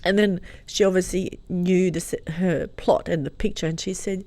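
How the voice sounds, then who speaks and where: A podcast guest with a fairly low voice shares a story from her family at a normal pace, with no echo in the audio. She's originally from Croatia and grew up speaking Croatian. Her telling is heartfelt and animated, full of laughter, in the style of a casual storytelling interview.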